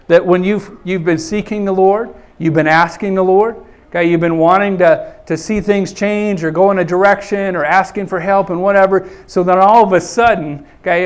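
Man, preacher, high voice, folksy sermon, says "okay" a lot. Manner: folksy, repeats "okay" often; animated, acts out scenes in raised voice. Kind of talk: sermon with Bible reading.

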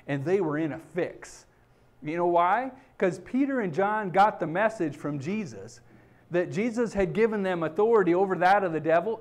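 A middle-aged man preaching a sermon, emphatic and checking in with his listeners by asking "okay?" again and again. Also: high-pitched. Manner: emphatic, repeats "okay?" to the congregation. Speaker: pastor.

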